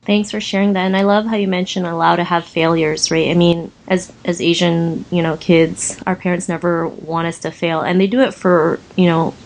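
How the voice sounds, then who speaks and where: A woman's voice: on the low side, flat delivery, moderate pace, hardly any pauses, low-quality recording. A woman hosting a podcast interview, encouraging her guest in a chatty way with many fillers. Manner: warmly encouraging, many "you know" fillers. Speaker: podcast host.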